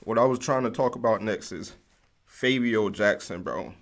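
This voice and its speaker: A man's voice: mid-range voice, a little fast. A young man from the United States hosting his own podcast, rambling in loose, slangy casual talk and drifting off topic often. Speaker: podcast host. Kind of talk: casual solo ranting.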